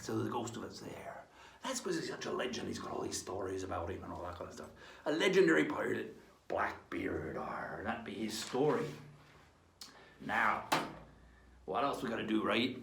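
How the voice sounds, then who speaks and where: Lively gravelly man storytelling. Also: mid-range voice, a little hiss or hum. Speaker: children's pirate-themed presenter. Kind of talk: storytelling lesson for kids in pirate character. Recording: roomy echo.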